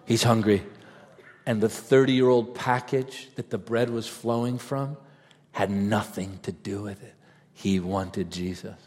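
A man's voice: mid-range voice, fairly even intonation, a little slow. Fervent preacher man in a big echoing hall. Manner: storytelling, rising to fervent shouts. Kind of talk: sermon. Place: large event hall. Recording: reverberant large hall.

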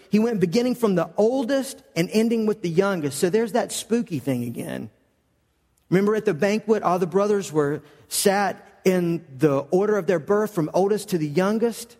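A man with a high voice preaches a sermon in a large church hall. He tells the story with animated energy and trips over quick repeated words. Long reverb from the hall trails after his words. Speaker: pastor.

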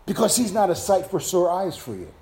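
A man delivering a sermon in a high voice. He drops to a hush for tender passages, then climbs and shouts at the peaks. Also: big pitch swings, fairly quick. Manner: swings from soft hushed lines to loud shouted climaxes. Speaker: preacher.

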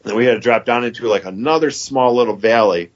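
A man in his fifties from Michigan talks fast in a mid-range voice, heard through a muffled recording. He's a guest on a podcast, rambling casually through a long story and quoting other people with "he goes."

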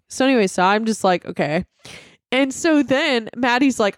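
Young woman co-host, lively swooping pitch, dry close sound, profane storyteller. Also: moderate pace, dry recording. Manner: animated, profane, acts out quotes. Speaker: podcast co-host. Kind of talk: casual storytelling chat.

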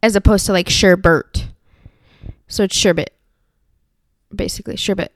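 A woman's voice: mid-range voice, fairly even intonation, brisk, no echo, clean studio sound. A young woman co-hosting a casual podcast chat, laughing often, swearing freely and teasing her co-host. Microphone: studio mic.

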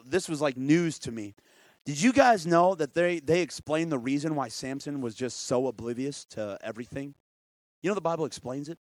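Casting: animated, joking male preacher, bright high voice, dynamic volume, dry close mic. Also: dry recording. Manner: animated, joking, swings between loud and hushed. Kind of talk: comedic storytelling sermon.

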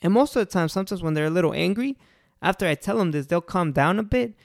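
A restaurant owner walks through how to handle unhappy customers, earnest and repeating each key point for emphasis. The voice is gravelly, with a rough fry in it. The recording is dry and close, with no room sound. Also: mid-range voice, expressive, fast talker, dry recording. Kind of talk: casual customer-service advice talk.

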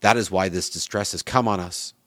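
Man doing humble pleading brothers, low earnest voice. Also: a little fast, a bit bright, dry recording. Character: frightened group of humble male brothers.

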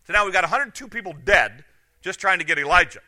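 A middle-aged man preaching a sermon, retelling scripture stories in an animated way and acting out the quotes. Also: sits high, fast. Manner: animated, acts out quoted lines. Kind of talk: sermon storytelling.

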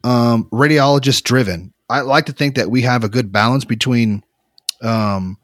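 A man co-hosting a casual podcast, telling work stories with lots of energy, acting out quotes and laughing loudly. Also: mid-range voice, normal speed, no echo, clean studio sound. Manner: animated storyteller, laughs loudly, acts out quotes. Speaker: podcast co-host, X-ray tech.

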